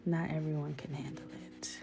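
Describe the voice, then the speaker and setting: A woman's voice: deep voice, flat delivery, a little fast, loud music behind the voice. A woman hosting a live coloring stream, chatting playfully with her viewers and often dropping into a whisper. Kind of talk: casual live-stream chat.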